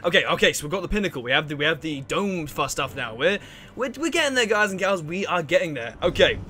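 A man's voice: a little high, sing-song, bright, forceful tone, a little hiss or hum. A young man chatting and rambling through casual let's-play commentary. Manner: rambling, chatty, quick laughs and exclamations. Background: faint game music.

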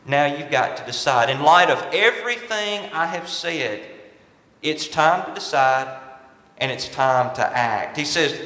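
A pastor preaches with a bright, forceful voice, pitched a little high for a man. He hammers his points through repetition, and his words ring out through a large, reverberant church sanctuary. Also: expressive, a little slow. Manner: emphatic preacher, repeats and stresses key phrases. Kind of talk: sermon. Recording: echoey church hall with long reverb.

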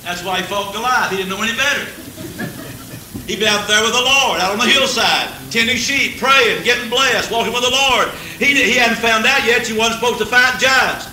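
A man preaches a folksy, humorous revival sermon in a high, piercing voice and chuckles as he goes. He rises to fervent peaks. The recording is an old tape of an echoey church, taken from a distance, with faint hiss. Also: moderate pace, bright, forceful tone. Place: church service.

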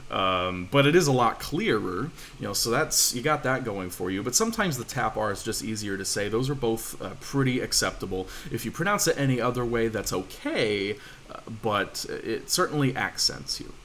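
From a home room on an online voice call, a man teaches a language class. His voice is on the low side, expressive and a bit bright, at a moderate pace, with slight background noise. He sounds casual and reassuring, using fillers and restarting sentences.

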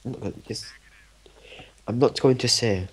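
A man's voice: mid-range voice, moderate pace, breathy edge. A young man, chatting dryly and teasingly over a game he is playing with a friend. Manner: dry, teasing and deadpan. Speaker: gamer co-host. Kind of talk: casual gaming commentary.

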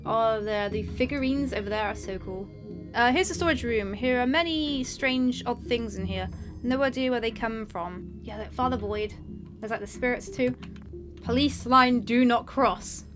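This is a woman with a high voice giving playful gameplay narration. She giggles often and reads game signs aloud. She also puts on voices for the characters she meets, over faint background music. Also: moderate pace. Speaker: gameplay video creator.

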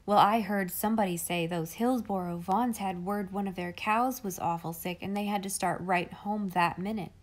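A woman's voice: medium pitch, steady tone, normal speed, hardly any pauses, close to an everyday voice. A woman reading a storybook voices a helpful older country man with a folksy rustic way of speaking.

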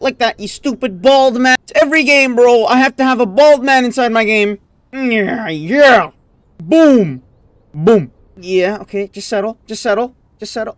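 A gaming YouTuber giving let's play commentary, raging and swinging between sudden yelps and low muttering. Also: no room sound.

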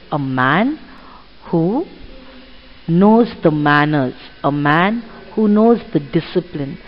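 Lady teaching kids a reading passage, slow and bouncy, muffled recording with long echo. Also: medium pitch. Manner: explains slowly and asks children questions. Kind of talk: classroom reading lesson. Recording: muffled audio with long reverb.

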